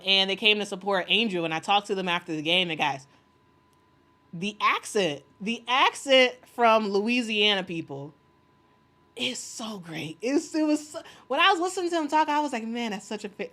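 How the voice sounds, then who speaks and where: A woman hosts a casual sports livestream, reading the chat aloud and rambling with plenty of fillers and restarts while laughing enthusiastically. Her mid-range voice is animated, bright and forceful, at a moderate pace.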